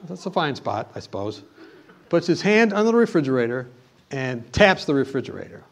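A man's voice: mid-range voice, very animated, brisk. A man preaching a sermon, telling a personal story and then urging his listeners with emphatic exhortation. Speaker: pastor.

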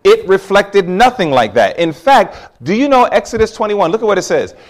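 A man preaching a sermon, telling a personal story with animated swings from hushed asides to loud exclamations. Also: sits high, normal speed.

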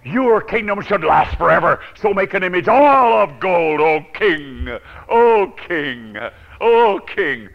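A man voicing flattering courtiers of an ancient king in a hushed, wheedling way. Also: high-pitched, slow, vocal fry, highs cut off, full character voice.

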